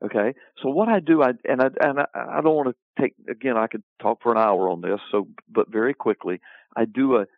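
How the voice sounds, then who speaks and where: A man teaches about the Bible in an interview, answering in a preaching style: emphatic, repetitive, and piling up long lists as he goes. His voice is medium in pitch and a little fast. The recording sounds like a phone line and is dry.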